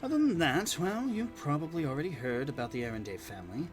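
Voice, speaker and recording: A man's voice: fairly high pitch, animated, quick pace, soft background music, lightly acted. A man reading a young female bard. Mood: hushed. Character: young female traveling bard, earnest and kind.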